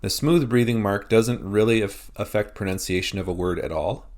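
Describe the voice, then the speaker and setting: A Canadian man teaching a recorded lesson, explaining slowly and deliberately with example words. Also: lowish voice, darkish tone.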